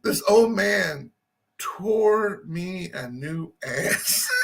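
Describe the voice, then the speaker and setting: A man's voice: sits high, expressive, very slow, gravelly, background noise. A man telling a rambling, self-deprecating story in a casual chat.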